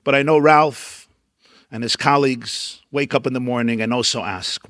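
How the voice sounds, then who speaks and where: A man's voice: medium pitch, moderate pace, a bit bright, dry recording, studio quality. A man, a rabbi, giving a storytelling keynote lecture at a dinner event, emphatic and building up lists.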